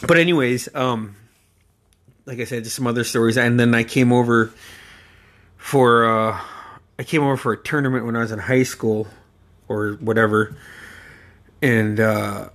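A man's voice: medium pitch, steady tone, fairly bright tone. A man in his forties telling casual, rambling stories about his uncle, swearing freely and breaking into laughter as he goes. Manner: rambling, profane, often laughing mid-sentence; halting, with many fillers and restarts. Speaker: storyteller remembering a late relative. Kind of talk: casual anecdotal storytelling.

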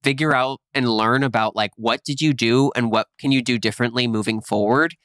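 A man's voice: mid-range voice, steady tone, fairly quick, fairly bright tone, no echo, clean studio sound. A man co-hosting a podcast in casual chat, upbeat and encouraging. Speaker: podcast co-host.

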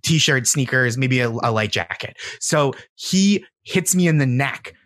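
Man, comedian guest, casual storytelling, dry close mic, animated. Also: mid-range voice, a little slow, dry recording. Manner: animated storyteller, acts out shouted quotes.

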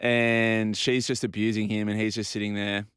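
Low, smooth radio co-host. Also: male voice, little pitch movement, moderate pace, fairly bright tone, no room sound, studio quality. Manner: talkative, tells stories, acts out quotes. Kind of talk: casual radio chat. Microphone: studio microphone.

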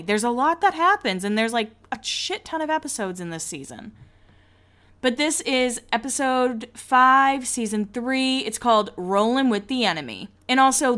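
A woman's voice: mid-range voice, fairly bright tone, clean tone. A woman hosting a casual recap podcast, chatty and full of sarcastic asides. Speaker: podcast host recapping a reality show.

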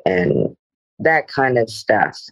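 A woman's voice: rumbling low, very animated, slow pace, low-quality recording. A middle-aged woman, a guest actress, speaking reflectively in a podcast interview with meandering "you know" asides.

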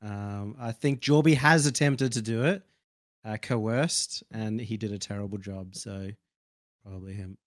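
A man's voice: on the low side, a little slow, no room sound. Australian man, candid panel chatter, dry recording. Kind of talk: casual panel chat.

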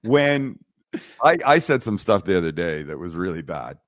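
A middle-aged man who hosts cooking shows on TV and YouTube, appearing as a guest, speaks low at a moderate pace during a casual interview. Recorded dry on a studio microphone in a podcast studio, he tells stories bluntly and animatedly, acting out the dialogue of the people in them.

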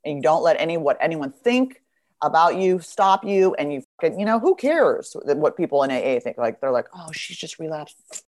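A woman's voice: deep voice, a little fast. A woman in her fifties, a podcast guest, talking candidly and bluntly, swearing freely and acting out voices as she tells stories. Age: 50s. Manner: blunt, profane, animated storytelling. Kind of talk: candid conversation.

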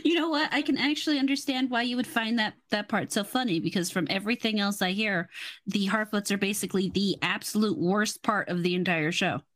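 A woman in casual podcast chat, making sardonic, deadpan jokes. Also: medium pitch, fairly quick.

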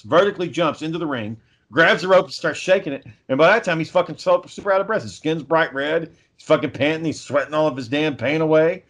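A man's voice: a little high, a bit bright. Man telling a rambling, profane story. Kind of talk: casual chat.

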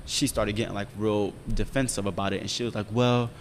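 A young man telling a long personal story in casual chat, profane and animated, often checking in with his listener. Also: lowish voice, fast talker, in a large hall, a little hiss or hum. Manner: profane, animated storytelling with frequent "you feel me". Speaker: podcast storyteller.

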